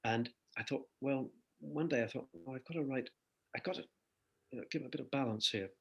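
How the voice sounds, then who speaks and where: Gravelly, husky older man telling stories. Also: mid-range voice, fairly quick, muffled recording. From Ireland. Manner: storytelling, reflective with hesitant fillers. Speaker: guest musician. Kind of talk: interview chat.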